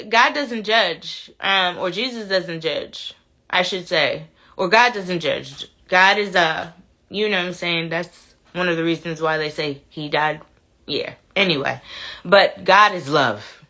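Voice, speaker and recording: A woman's voice: low voice, pushed and bright. A woman hosting a casual live chat, reading viewer comments aloud, laughing and talking back to them. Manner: chatty, laughs often, talks back to commenters.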